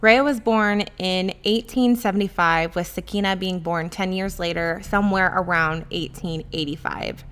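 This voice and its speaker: A woman co-hosting a casual true crime podcast, chatty and quick to laugh, with jokey asides. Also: on the low side, a bit bright, smooth. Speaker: podcast co-host.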